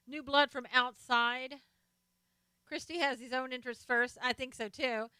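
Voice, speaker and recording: Bright-voiced woman chatting with her stream viewers. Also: sits high, fairly even intonation, measured pace, clear, resonant tone, no echo. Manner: chatty, reads out and answers viewer comments. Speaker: live stream host reading chat. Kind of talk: casual political chat with viewers.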